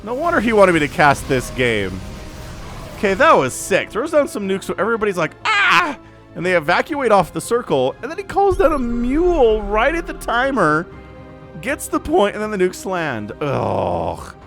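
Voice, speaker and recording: A man casting a strategy game match, animated and excitable, quickly voicing the players in asides. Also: high-pitched, faint music behind. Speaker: game caster.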